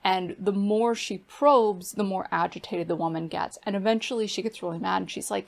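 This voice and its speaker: A woman's voice: medium pitch, steady tone, moderate pace, gravelly, few pauses. A woman book reviewer giving a casual, chatty plot recap full of fillers. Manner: chatty, filler-heavy retelling.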